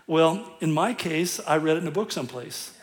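Middle-aged man preaching; easygoing, self-deprecating pastor who laughs at himself, voice sitting a bit high. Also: animated, moderate pace. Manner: conversational and self-deprecating, with frequent chuckles. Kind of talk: sermon.

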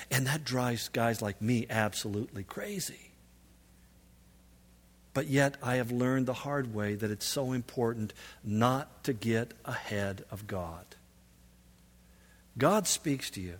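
A man's voice: mid-range voice, unhurried. A man giving a sermon as a pastor, telling stories in a conversational way and building up to emphatic peaks. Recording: long hall reverb.

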